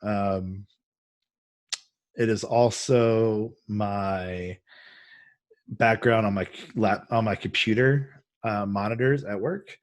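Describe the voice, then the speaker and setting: Man, lowish voice, casual rambling storyteller, dry close sound. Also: fairly even intonation, takes it slowly, long pauses, no room sound. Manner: rambling with many fillers and restarts. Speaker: podcast host. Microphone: video call.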